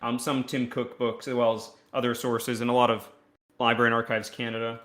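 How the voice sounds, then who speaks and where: A man's voice: mid-range voice, completely flat delivery, fairly quick, a bit bright. A man, an indie game developer, explaining his work in a casual podcast interview, self-deprecating.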